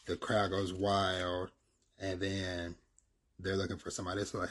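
A man's voice: low voice, flat delivery, moderate pace, slightly rough. A man casually retelling a comic's plot in a rambling, filler-heavy way.

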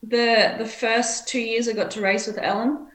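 A woman's voice: on the high side, little pitch movement, moderate pace, reverberant, rough recording. A woman co-hosting a cycling podcast, a former pro rider chatting and telling stories from racing. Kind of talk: casual podcast chat.

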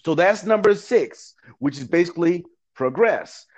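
A man with a notably high voice talks through life advice as an interview guest. He is earnest and repetitive, with a preacherly lilt and frequent laughter. The sound is dull and lo-fi. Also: lively intonation, a little slow. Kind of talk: motivational talk in an interview.

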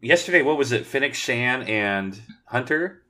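A man's voice: mid-range voice, lively intonation, moderate pace, sharp tone. Playful man podcast co-host. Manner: playful, teasing, laughs a lot. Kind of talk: casual chat.

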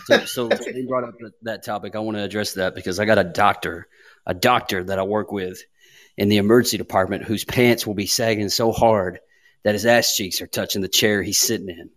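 A man's voice: lowish voice, steady tone, brisk, a bit bright. A man who works in an emergency department, chatting casually about a coworker. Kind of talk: casual chat.

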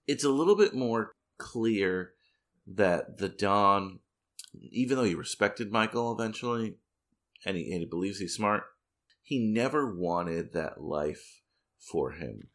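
A man co-hosting a podcast, chatting casually in a measured, thoughtful way. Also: fairly low pitch, lively intonation, fairly bright tone. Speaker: podcast co-host. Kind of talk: casual chat.

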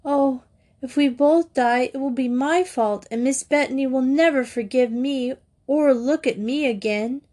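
A woman's voice: sits high, measured pace, mellow, voice pushed up. Woman voicing a weary, remorseful schoolgirl. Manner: weary, murmuring, apologetic. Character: drowsy, remorseful older schoolgirl.

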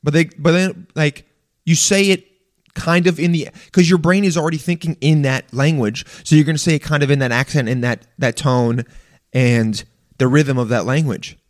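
A man delivering an animated, profane rant in a casual monologue, stammering and restarting often. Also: on the high side, normal speed. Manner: profane, exasperated, animated ranting.

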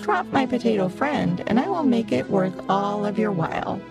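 A woman putting on a grinning pumpkin trickster from a children's storybook, loud, coaxing and sing-song. His voice rides slightly high, with a gravelly edge, over music. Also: expressive, normal speed. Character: jolly persuasive male pumpkin trickster.

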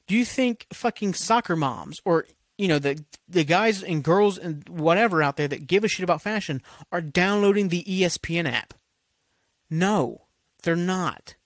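A male podcast host rambling through a heated solo rant, full of swearing and restarts. His voice sits a little high, and the sound is dry and close, with no room echo. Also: fairly bright tone.

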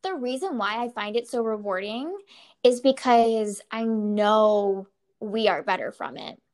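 A woman's voice: a little high, measured pace. A woman in her thirties, co-hosting a casual chat, telling stories animatedly and laughing often. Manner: animated, laughs often, filler-heavy storytelling. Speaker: podcast co-host.

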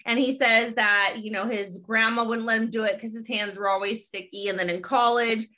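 A woman hosting a casual podcast chat, retelling a sitcom episode in a lively storytelling way with quick asides. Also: a little high. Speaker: podcast host.

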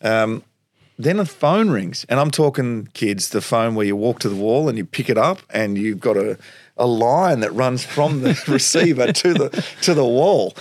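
A middle-aged man from Tasmania with an Australian accent, telling animated stories as a podcast guest, acting out quoted voices and laughing often. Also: mid-range voice, normal speed, dry recording, clean studio sound. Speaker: guest, former footballer. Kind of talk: storytelling interview.

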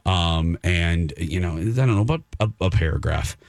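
A man's voice: low-pitched, lively intonation, normal speed, gravelly, noisy background. A man hosting a radio show, casually telling a story on air and acting out his own reactions.

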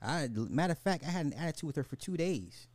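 A man's voice: on the high side, expressive, fast, darkish tone, dry recording. A man in his forties hosting a podcast, telling stories casually and with animation, swearing and laughing as he goes. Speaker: podcast host. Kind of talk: casual storytelling over a live game.

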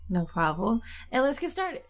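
A young adult woman hosting a casual podcast and doing a tarot reading, chatty and quick to laugh. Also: a little high, faint music behind. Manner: chatty, laughs often, relaxed and warm-hearted. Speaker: podcast host and tarot reader.

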